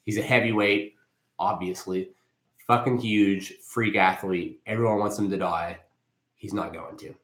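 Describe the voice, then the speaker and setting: A man hosting a podcast in casual chat, talking crudely and getting loud and animated when he tells stories. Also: on the low side, a little slow, reverberant. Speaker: podcast host.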